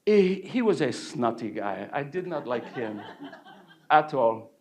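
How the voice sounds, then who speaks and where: A man's voice: mid-range voice, sing-song, measured pace, a little hiss or hum. An actor playing an exuberant French painter, telling his life story to a live audience in a village hall and joking with them. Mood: playful. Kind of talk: live one-man character performance.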